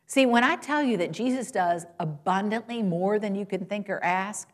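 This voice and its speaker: A woman preaching a sermon to a congregation, asking rhetorical questions and swinging from loud, high exclamations to soft, low asides. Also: normal speed, few pauses. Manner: rises in pitch and volume for quoted lines and exclamations, drops low and soft at points; addresses congregation directly, asks rhetorical questions.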